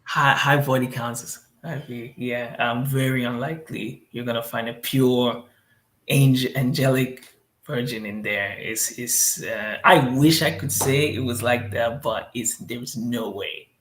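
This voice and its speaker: A man's voice: mid-range voice, fairly even intonation, a little slow, a bit bright. A man answering interview questions in a laid-back, rambling way full of fillers. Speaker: interview guest living abroad. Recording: roomy echo.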